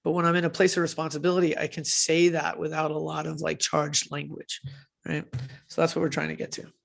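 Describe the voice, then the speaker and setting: A woman's voice: sits low, flat delivery, fairly quick, creaky. A woman giving a conversational conference talk on leadership, often asking "right?" and correcting herself with fillers as she goes.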